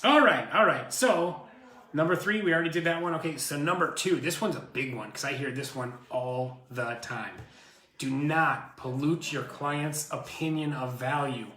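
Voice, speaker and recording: Realtor guy rambling thru stories, bright kinda high voice, echoey room. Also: normal speed. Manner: animated, rambling storyteller. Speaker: co-host, realtor. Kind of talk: casual chat.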